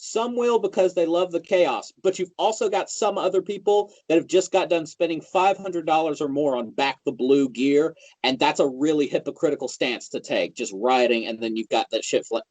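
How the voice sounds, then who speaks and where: A man's voice: a little high, normal speed, hardly any pauses, a little mellow, no echo, low-quality recording. A man hosting a podcast in casual chat, reacting a lot and talking in loose, slangy, swearing speech. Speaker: podcast host.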